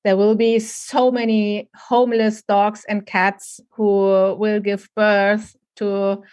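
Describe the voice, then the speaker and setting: Slow-spoken German-accented woman. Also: medium pitch, level tone, a little mellow, clear, resonant tone, no echo. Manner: halting, earnest, searching for words. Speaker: guest, animal rescue project head. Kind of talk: casual interview over a call.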